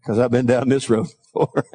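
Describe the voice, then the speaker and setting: A middle-aged man preaching a sermon, calling for responses from the congregation and telling folksy stories in a quieter aside voice. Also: level tone, moderate pace, breathy edge. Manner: folksy storytelling, drops to a low aside. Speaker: pastor.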